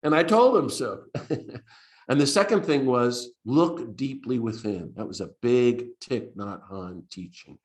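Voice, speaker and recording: A man's voice: medium pitch, a little slow. A man with an American accent, a priest giving a spoken talk in an earnest storytelling way with frequent restarts. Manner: earnest storytelling with restarts and lively quoted voices.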